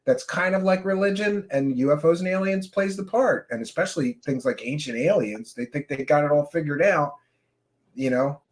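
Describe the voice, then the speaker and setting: A man hosting a podcast in casual chat, animated, often jumping into loud quoted voices. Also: a little high, moderate pace. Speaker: podcast host.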